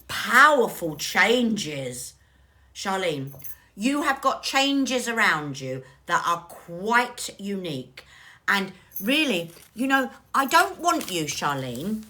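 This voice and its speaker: A woman reads cards as a psychic medium on a livestream, chatting warmly and calling viewers darling. Her voice is bright and forward, and it swoops up and down through a wide pitch range. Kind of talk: live-stream card reading.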